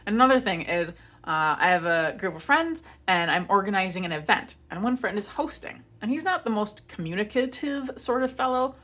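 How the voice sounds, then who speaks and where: A woman's voice: mid-range voice, lively intonation, normal speed, bright, forceful tone. A young woman vlogger chatting casually to camera, telling stories and acting out her own flustered apologies. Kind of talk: casual chat.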